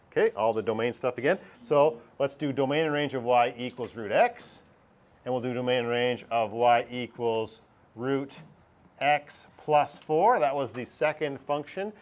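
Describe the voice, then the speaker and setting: A man leads a math lesson in a classroom. His talk is conversational and full of jokes. His pitch sits in the middle of the male range. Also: moderate pace. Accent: Canadian. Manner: joking, conversational explainer. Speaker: math teacher.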